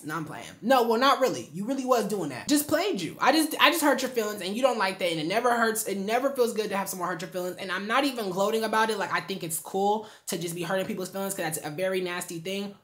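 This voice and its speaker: Young woman w/ aave spilling tea on her channel, talks fast, sassy n blunt. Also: mid-range voice. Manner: sassy, blunt and animated, full of slang. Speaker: YouTuber telling a story. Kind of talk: casual storytime vlog.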